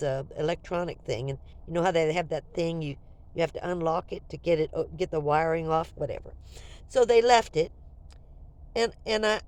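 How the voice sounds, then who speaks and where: An older woman vlogging, telling a story to her viewers in a casual, animated and jokey way. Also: fairly low pitch.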